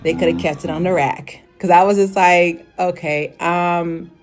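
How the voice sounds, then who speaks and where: A young woman with a slightly low voice talks through a fashion show review in a loose, chatty way. She uses lots of filler words and breaks into sudden high exclamations. Faint music plays quietly behind her. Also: fairly even intonation, measured pace. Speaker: vlogger.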